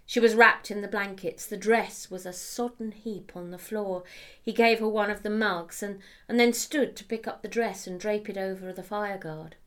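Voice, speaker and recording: A woman reading a story aloud at a measured pace, often dropping to a hushed near-whisper. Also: medium pitch, fairly even intonation. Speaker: narrator.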